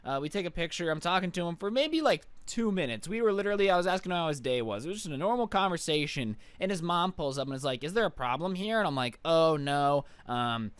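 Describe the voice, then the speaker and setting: A young man tells a story to his channel in a sarcastic, exasperated and casual way. His voice is smooth and slightly high. The sound is dry, close and clean. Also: animated, fast talker, hardly any pauses, a bit bright, no echo. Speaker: YouTuber. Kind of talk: storytime vlog.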